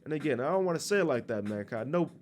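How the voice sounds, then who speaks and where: A man's voice: on the high side, animated, very fast, a little mellow, a little hiss or hum. A man preaching in a blunt, crude, scolding way, reading scripture aloud and commenting on it. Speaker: street preacher.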